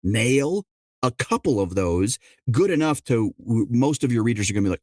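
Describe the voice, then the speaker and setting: A middle-aged man, an audiobook narrator and dialect coach, answering interview questions in an explanatory way, often quoting people in quick asides. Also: mid-range voice, very animated, darkish tone, no echo, clean studio sound.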